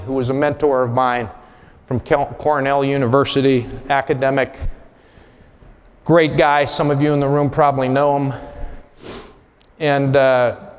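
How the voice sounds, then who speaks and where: A man giving a conference keynote, telling a personal story in a candid, blunt way. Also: mid-range voice. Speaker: conference speaker. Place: large conference hall. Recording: long hall reverb.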